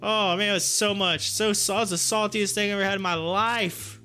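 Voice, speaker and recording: A livestream host tells a rambling, laugh-filled story in a high, bright voice. He grows animated at the funny parts, with faint music under him. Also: brisk, clear, resonant tone. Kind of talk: casual storytelling.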